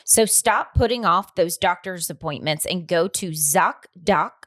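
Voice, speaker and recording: Animated woman telling family stories. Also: on the low side, a little slow. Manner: animated storytelling, acts out quotes. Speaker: podcast co-host. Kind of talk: casual chat and storytelling.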